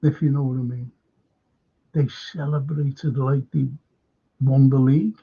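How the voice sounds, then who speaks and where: A man hosts a live fan show, talking slowly with a gravelly, husky voice set a little high. He answers viewers by name and keeps repeating his points with emphasis and the odd swear word. The sound is dull and lo-fi. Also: steady tone. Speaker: fan channel host.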